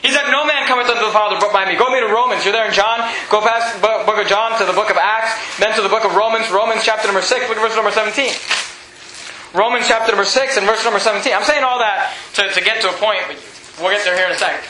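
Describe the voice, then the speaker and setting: A man's voice: high voice, quick pace, echoey room, noisy background. A male pastor preaching a sermon, leading his listeners through Bible passages and posing the questions they might ask.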